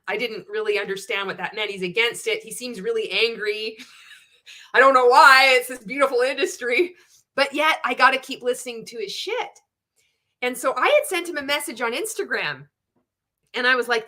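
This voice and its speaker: A woman's voice: medium pitch, pushed and bright. A woman hosting a live stream, reading out viewer comments and telling stories in a candid, swearing, casual way.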